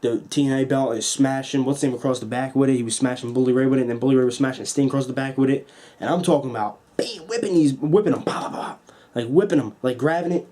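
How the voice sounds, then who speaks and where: A man's voice: mid-range voice, very fast. A young man reviewing a wrestling show at home into his camera, swearing freely and acting out the moves with sound effects. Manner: excited, profane, acts out moves with sound effects. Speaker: wrestling vlogger. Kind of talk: casual review rant. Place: at home at a table.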